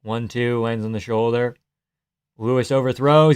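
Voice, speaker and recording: A young man hosting a livestream, reacting to a fight with casual, profane commentary, yelling advice at the fighters and laughing often. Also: mid-range voice, moderate pace, smooth. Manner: excitable, profane, yells at fighters, frequent laughs. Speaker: livestream host.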